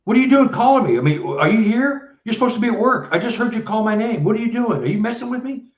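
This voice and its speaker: Suspicious startled wife, pitched way up, as a man acts her out, roomy lo-fi line. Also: animated, quick pace. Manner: high, pressing, incredulous questions. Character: startled, suspicious housewife questioning her husband.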